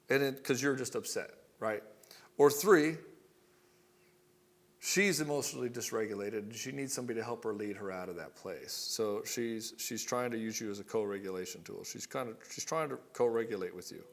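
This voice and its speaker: A blunt, middle-aged male relationship coach addresses the listener directly in a casual monologue, swearing freely and slipping into the voices of quoted arguments. His voice sits in the ordinary male middle range, fairly quick and creaky.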